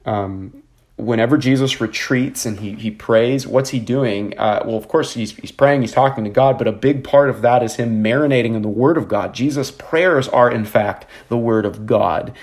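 A man's voice: mid-range voice, normal speed. A man preaching a sermon as a pastor, earnest and conversational, with frequent fillers and restarts.

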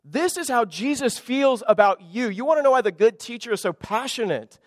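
A man preaching a sermon as pastor, emphatic and playful, swinging from loud exclamations to hushed asides. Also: very high voice, normal speed, no room sound, clean studio sound, in a large hall. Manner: animated, emphatic preaching with humor and sudden drops to quiet.

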